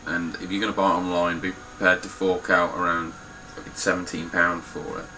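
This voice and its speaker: A man's voice: low voice, flat delivery, fairly quick, bright, forceful tone, soft background music, poor audio. A young man talking casually through his game collection, blunt and swearing freely. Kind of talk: casual spoken collection walkthrough.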